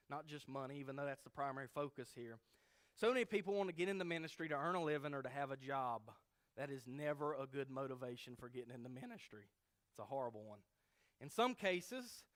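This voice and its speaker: Male preacher, expository sermon, emphatic, slightly high voice, checking in with listeners. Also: fairly bright tone. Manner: emphatic teaching, checks in with "okay?".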